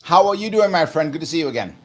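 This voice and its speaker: A man's voice: animated, very fast. A man in his forties from the United States, a management consultant talking as a podcast guest, emphatic and fond of acting out little exchanges. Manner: emphatic, acts out little dialogues with rising pitch. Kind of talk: casual conversation.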